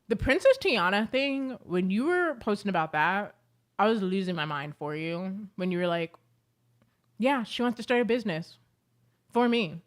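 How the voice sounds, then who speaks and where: Chatty young woman vlogger. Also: mid-range voice. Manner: chatty, animated storytelling with frequent fillers. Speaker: beauty vlogger. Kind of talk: casual chat to camera.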